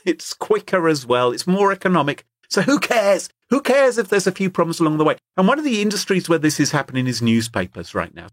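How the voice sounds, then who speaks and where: Husky-voiced Englishman joking around. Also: a little high, no echo, studio quality. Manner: joking, playful storytelling. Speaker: podcast co-host. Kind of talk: casual comedic chat.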